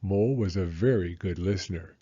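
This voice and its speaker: A man reading a children's picture book aloud in an expressive, animated storytelling manner. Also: low voice, brisk, breathy edge, dull audio. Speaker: storybook reader.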